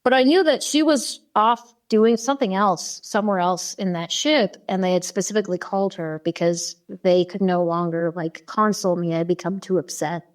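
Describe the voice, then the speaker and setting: A woman who is a podcast guest, telling a personal story in an animated way with many fillers. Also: mid-range voice, moderate pace, few pauses. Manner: animated, many fillers, acts out quoted dialogue.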